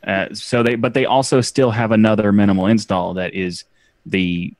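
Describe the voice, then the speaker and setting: Lower-voiced man explaining. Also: fairly even intonation, moderate pace, a little mellow, dry recording. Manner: explaining, with restarts. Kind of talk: casual group chat on a video call.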